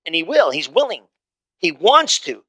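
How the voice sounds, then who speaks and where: A man preaching a sermon to a congregation in a conversational, animated way, swinging widely in pitch and pace. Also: moderate pace, husky. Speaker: pastor. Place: church hall before a congregation.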